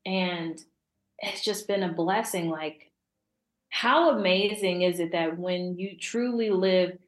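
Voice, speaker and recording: A young adult woman, a podcast guest, talking casually and warmly about faith and laughing often. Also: lowish voice, takes it slowly, roomy sound. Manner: warm, chatty, laughs often.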